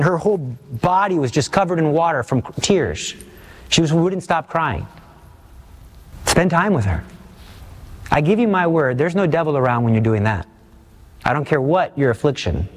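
A man giving an earnest, emphatic sermon, full of rhetorical questions. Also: a little high. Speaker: preacher.

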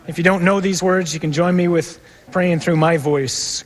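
A priest preaching to his parish with earnest, drawn-out emphatic pauses, then leading a prayer. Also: high-pitched, steady tone. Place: large church. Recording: long church reverb.

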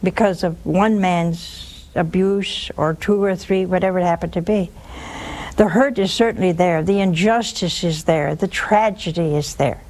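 A woman's voice: fairly low pitch, measured pace, darkish tone. A woman hosting a religious call-in show, preaching emphatically and repeating key words for force. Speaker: religious TV host taking calls.

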